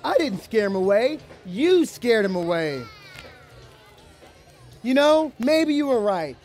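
Slow and sing-song, a man's extremely high, slightly mellow voice carries a lively picture-book reading for children at an outdoor event. He calls out playful questions to the kids over soft background music and a faint crowd.

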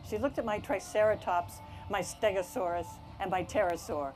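A woman reading a children's picture book aloud, with expressive narration and asides about the pictures. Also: lowish voice, normal speed, few pauses, soft background music. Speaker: storybook reader.

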